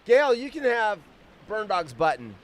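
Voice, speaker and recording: With a high, sing-song voice, a man in his fifties streams live from outside during a vacation. He's a profane, rambling host who keeps veering off on quick tangents.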